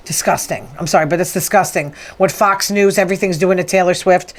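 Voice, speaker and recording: A woman's voice: mid-range voice, a little fast, hardly any pauses. A woman, hosting a rambling, opinionated casual monologue. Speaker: podcast host.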